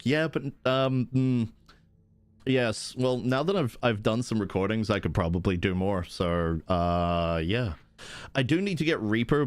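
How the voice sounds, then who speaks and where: A man streaming from home, chatting excitedly with viewers in a rambling way, often jumping up into high-pitched bursts. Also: dry recording. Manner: rambling with restarts. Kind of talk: live-stream chat while gaming.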